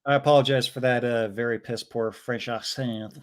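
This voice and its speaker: A man's voice: mid-range voice, fairly even intonation, moderate pace. A man hosting a casual livestream, reading viewer chat messages aloud and reacting with chuckles. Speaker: livestream host reading chats. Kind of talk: casual live-stream chat.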